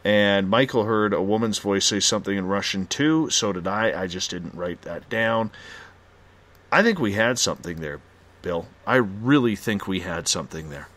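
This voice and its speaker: A male radio host running a live call-in show, haltingly reading listener reports one after another. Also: fairly low pitch, a bit bright.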